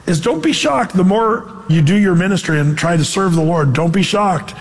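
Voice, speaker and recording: Animated male pastor, high voice, hall echo. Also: normal speed. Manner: animated, acts out quoted voices. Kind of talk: sermon.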